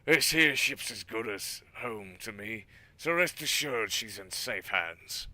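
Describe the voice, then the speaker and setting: Gruff loud pirate helmsman, guy putting it on, low and bright-edged. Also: animated, slow pace, a little hiss or hum, heavily acted.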